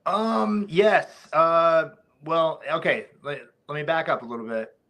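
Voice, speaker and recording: A man's voice: on the high side, a little slow, sharp tone, slight background noise. A man, a former fighter, talking casually as a podcast guest, rambling with many restarts.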